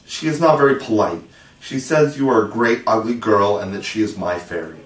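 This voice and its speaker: A man voicing a cocky, self-assured young boy in a brisk, boyish manner. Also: on the low side, distant mic, close to an everyday voice. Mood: boastful. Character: cocky boastful boy Peter Pan. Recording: roomy echo, voice set back from the mic.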